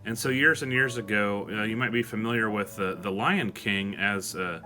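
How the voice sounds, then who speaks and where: A man's voice: lowish voice, steady tone, moderate pace, pushed and bright, soft background music. A man hosting a devotional show, speaking earnestly and with emotion. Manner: earnest, emotional, reads song lyrics aloud. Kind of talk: devotional talk.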